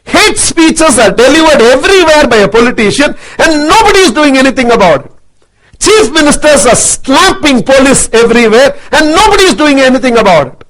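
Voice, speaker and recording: A man giving an impassioned, forceful speech to an audience, intense and repetitive in his rhetoric. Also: very high-pitched, sing-song, brisk, slight background noise, rough recording. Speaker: motivational speaker.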